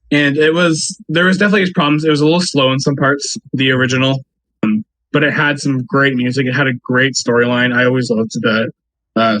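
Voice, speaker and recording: A young man rambles through his opinions on a podcast, full of fillers and breaking into laughs as he talks. His voice sits at an ordinary middle pitch. The recording is dry and close, with no room sound. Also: fairly bright tone, no echo, poor audio. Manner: rambling, filler-heavy, laughs mid-sentence. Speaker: podcast co-host. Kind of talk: casual chat. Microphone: remote call with an earpiece.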